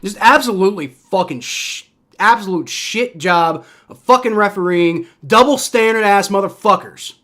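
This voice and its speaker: A man's voice: sits high, normal speed, bright, forceful tone. A man doing live fan reaction and play-by-play for a football game, rambling and profane, moving from anxious mumbles to furious rants. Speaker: fan livestream commentator.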